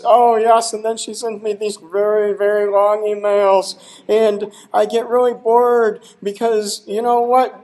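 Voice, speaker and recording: A man's voice: high voice, level tone, measured pace, a little mellow, low-quality recording. A man giving a short humorous talk at a conference, joking and teasing the audience in an exasperated way. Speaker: conference presenter. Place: conference hall.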